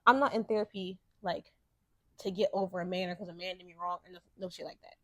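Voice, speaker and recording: Her voice lowish and fairly even in intonation, a young woman podcast host speaks fast in a casual monologue. She tells stories candidly, swears freely, and becomes heated while ranting, and the close, dry recording has no room sound.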